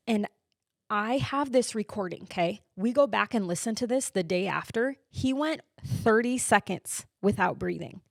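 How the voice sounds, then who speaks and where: A woman hosting a podcast, telling a personal story in an emotional, animated way with many fillers. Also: mid-range voice, normal speed, gravelly, dry recording, clean studio sound. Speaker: podcast host.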